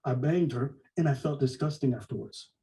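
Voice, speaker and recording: A man on a podcast ranting in a mocking, profane way, with lots of quick restarts and acted-out quotes. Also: medium pitch, dark tone, distant mic, low-quality recording. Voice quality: mocking, profane, fast-talking. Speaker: podcast co-host. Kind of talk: heated podcast rant.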